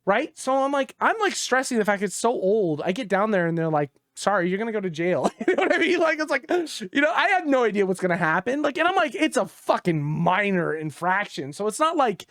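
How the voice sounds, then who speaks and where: A man co-hosting a gaming podcast, telling a story in casual chat, exasperated and profane, dropping low when he quotes others. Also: big pitch swings, fairly quick, few pauses, a bit bright, dry recording, clean studio sound.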